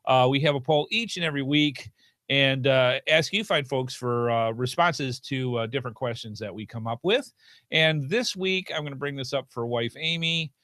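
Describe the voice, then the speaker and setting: A man's voice: mid-range voice, normal speed, fairly bright tone, dry recording, clean studio sound. A middle-aged man co-hosting a podcast in a casual chat, with an upbeat, game-show-host way of talking.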